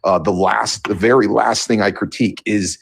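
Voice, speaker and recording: Deep husky male debater, assertive and lecturing, sets others straight. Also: fairly even intonation. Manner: assertive, lecturing, quick to correct. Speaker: debate panelist. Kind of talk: casual philosophical debate.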